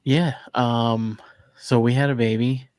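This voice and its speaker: A young man with an American accent chatting casually as a podcast co-host, joking in a dry, deadpan way. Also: mid-range voice, takes it slowly, no echo. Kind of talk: casual chat.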